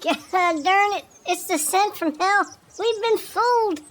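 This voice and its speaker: A tiny fish complains in a shrill, drawn-out squeak. It sounds fed up and a little silly, like a cartoon creature who just fell for a trick. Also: male voice, fairly bright tone, full character voice. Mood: indignant. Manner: high-pitched, slow, complaining. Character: squeaky fooled fish, small and whiny.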